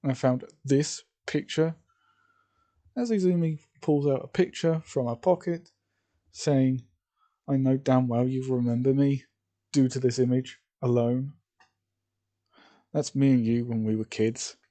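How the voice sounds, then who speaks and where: Man reading: determined young sister, insistent; slightly raised, mellow voice. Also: medium pitch, fairly even intonation, unhurried, long pauses, close to an everyday voice. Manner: insistent, pleading.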